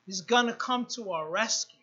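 A woman's voice: mid-range voice, moderate pace, fairly bright tone, husky. A woman pastor preaching a sermon, repeating phrases and building emphasis, with asides to the congregation. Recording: dull lo-fi sermon recording.

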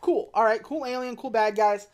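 A woman co-hosting a casual movie podcast, recapping scenes and slipping into quick deadpan voices for the characters. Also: a little high. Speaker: podcast co-host.

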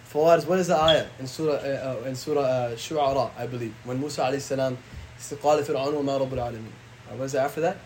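A man, an imam, teaching a casual religious class, conversational and slangy, reciting Arabic verses quickly. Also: mid-range voice, a little hiss or hum.

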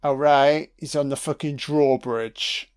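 A man's voice: mid-range voice, steady tone, slow, a little mellow, clean tone. A man giving a sarcastic, profanity-laced audio commentary while watching a film. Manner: sweary, sarcastic, reacting live.

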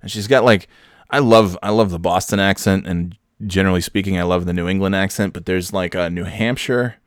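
A New York vlogger rambles through a joking story, full of "uh"s and "like"s, speaking a little fast in a low voice. The sound is dry and close-miked, with no room sound at all.

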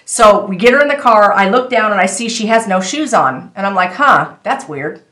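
A woman's voice: mid-range voice, brisk, a bit bright, echoey room. A woman earnestly telling a personal testimony to her viewers, stressing again and again that she is not exaggerating. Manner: earnest, insistent, repeats herself for emphasis. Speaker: testimony speaker.

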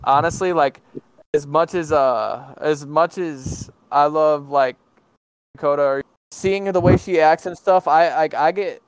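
A man's voice: on the high side, unhurried, clear, resonant tone, no echo, low-quality recording. A young man of nineteen chatting casually as a podcast guest, hesitant and full of fillers and restarts. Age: teens. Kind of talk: casual chat.

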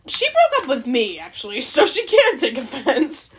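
A woman's voice: high voice, wildly swooping pitch, moderate pace, a bit bright, husky. A young Canadian woman hosting a podcast, rambling casually, swearing a lot and laughing often. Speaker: podcast host. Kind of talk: casual solo chat.

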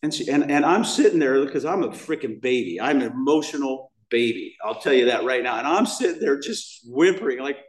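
A man's voice: mid-range voice, expressive, fairly quick, hardly any pauses. An American man giving a candid, rambling personal testimony as the main speaker at a recovery meeting in a church hall. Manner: candid, rambling, emotional storytelling with restarts. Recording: roomy hall sound, mic at a distance.

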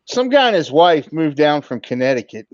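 A man's voice: on the high side, big pitch swings, normal speed, dry recording. A man co-hosting a casual podcast, teasing the others with dry humor. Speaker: podcast co-host. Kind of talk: casual comedic chat. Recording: dull lo-fi sound.

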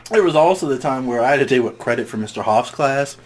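Young man telling animated high school stories. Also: fast talker, heavy background noise. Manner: animated storyteller, acts out quoted voices. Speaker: podcast co-host. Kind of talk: casual chat.

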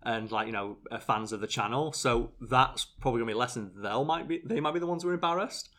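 A man's voice: mid-range voice, fast talker. A British man hosting a casual podcast chat, telling stories animatedly. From Britain. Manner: animated storyteller, acts out voices loudly. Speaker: channel host.

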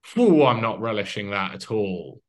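A man hosting a casual interview, telling stories in an animated way and acting out what others said. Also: on the low side, measured pace. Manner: animated storytelling, acts out quotes.

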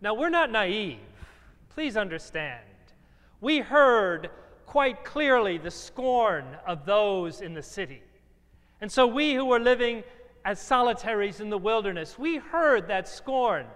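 A pastor preaching a first-person dramatic sermon, speaking in measured, emphatic phrases full of repetition. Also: male voice, high-pitched, expressive, a bit bright, long reverb tail.

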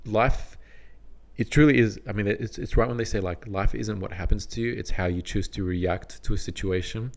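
Laid-back man with a very low voice. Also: fairly even intonation, normal speed, vocal fry. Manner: laid-back, rambling, frequent restarts. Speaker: podcast co-host. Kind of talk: casual storytelling.

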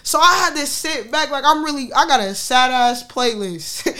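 Speaking at a normal speed, a woman with a high, sharp voice and lively intonation recounts a personal story to her viewers. The vlogger is candid and casual, full of slang, swearing, and laughter.

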